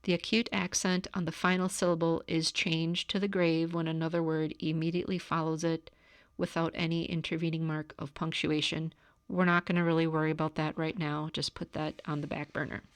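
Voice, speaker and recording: A woman giving a recorded grammar lecture, calmly explaining step by step. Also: sits low, a little fast, clear, resonant tone, dry recording. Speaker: teacher. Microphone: camera.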